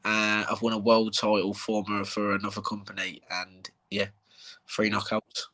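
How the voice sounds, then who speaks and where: A man's voice: fairly low pitch, completely flat delivery, moderate pace, pushed and bright, low-quality recording. A man, a bare-knuckle fighter hosting a live chat, talking brashly and matey with plenty of swearing. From England.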